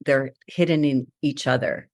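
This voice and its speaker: Middle-aged woman author guest; low, dry voice; animated, laughing anecdotes. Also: normal speed, no room sound. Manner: animated storyteller, laughing often. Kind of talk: casual conversation.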